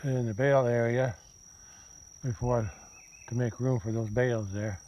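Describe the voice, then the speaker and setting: A man's voice: medium pitch, fairly even intonation, measured pace, highs cut off, a little hiss or hum. A man farming outdoors in a pasture, casually narrating his work and chatting aloud to his cattle in a rambling way. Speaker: farmer. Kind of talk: casual self-narrated vlog.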